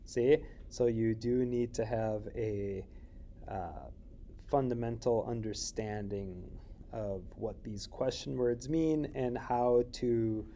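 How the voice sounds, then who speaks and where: A man teaches a recorded Spanish lesson, walking through each point with frequent fillers and checking questions. His delivery is slow and deliberate. The voice is mellow and dark. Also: mid-range voice, a little hiss or hum.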